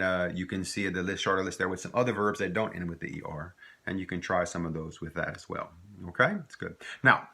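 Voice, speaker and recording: A man's voice: lowish voice, bright, forceful tone. A man teaching a recorded language lesson, rambling into anecdotes and switching between French and English.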